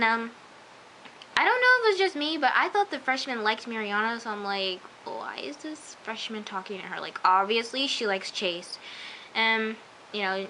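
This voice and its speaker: A woman's voice: on the high side, sharp tone, slight background noise, low-quality recording. A woman chatting emphatically as she recaps and reviews a TV episode, with lots of asides. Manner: chatty, emphatic, often says "I'm just like". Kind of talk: casual recap vlog.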